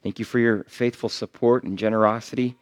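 A middle-aged man, a visiting missionary, giving a sermon in a church in an earnest, halting way with many fillers and restarts. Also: fairly low pitch, fairly even intonation, no echo, studio quality.

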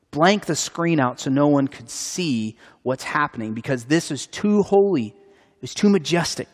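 A man's voice: on the high side, long reverb tail. A man preaching a sermon in an earnest, conversational way, with a few restarts, in a church sanctuary. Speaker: pastor.

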